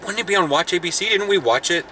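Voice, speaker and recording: A young man rambles through a casual vlog chat, full of restarts and quick laughs. His voice is bright and forward. There is a faint hum of noise behind him. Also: high-pitched, expressive. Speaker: vlogger, football player. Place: in a car, then outdoors.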